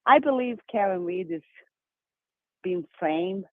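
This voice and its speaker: Brazilian-accented woman, fast and emphatic, caller on a tinny phone line, dry sound. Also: lowish voice, dry recording. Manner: fast, excited, emphatic talker. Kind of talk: call-in phone chat. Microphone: telephone.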